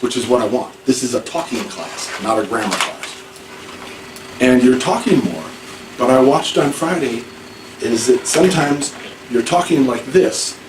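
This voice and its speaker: Distant teacher in an echoey classroom. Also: male voice, medium pitch, a little mellow. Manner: informal, repeats and restarts, acts out examples. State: hard of hearing. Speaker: ESL teacher. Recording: echoey room, far from mic, faint noise.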